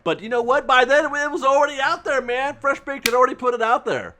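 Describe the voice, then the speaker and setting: A man talking casually as a theme park news vlogger, animated and rambling, laughing often as he speaks. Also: very high-pitched, fast talker, a little hiss or hum. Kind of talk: casual excited vlog commentary.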